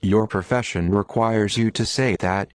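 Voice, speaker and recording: A man's voice: on the low side, fairly even intonation, unhurried, smooth, no room sound, close to an everyday voice. A man reading the lines of a poor, bitter, self-pitying innkeeper in an audiobook. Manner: complaining, sighing talk.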